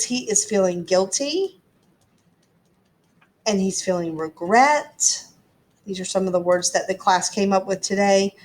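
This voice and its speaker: A woman's voice: mid-range voice, a little mellow. A woman teacher reading a storybook aloud and explaining it to her class in a chatty way. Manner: chatty, explanatory, frequent ums.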